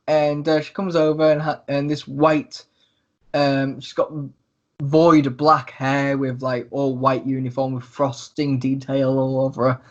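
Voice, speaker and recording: A man's voice: mid-range voice, little pitch movement, normal speed. A man narrating as game master, hesitant with many fillers, on a dull lo-fi recording. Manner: hesitant, many ums and likes.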